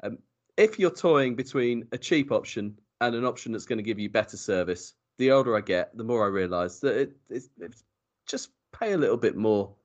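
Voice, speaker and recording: A mid-pitched man hosts a casual podcast chat. He sounds wry and keeps the talk moving. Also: animated, normal speed, dull audio. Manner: wry, wraps things up. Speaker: podcast host.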